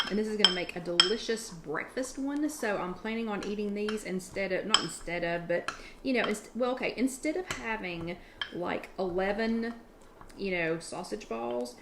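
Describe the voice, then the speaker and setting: A woman's voice: medium pitch, moderate pace, heavy background noise. Chatty woman hosting a kitchen chat. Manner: chatty, restarts sentences, eats while talking. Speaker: online workshop host. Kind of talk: casual live cooking chat. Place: home kitchen.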